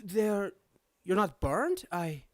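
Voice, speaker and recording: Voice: medium pitch, sing-song, takes it slowly, dry recording, studio quality. A game master voicing a flustered, stammering young man who is new to magic in a tabletop game. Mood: worried. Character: panicky young man, a player's brother.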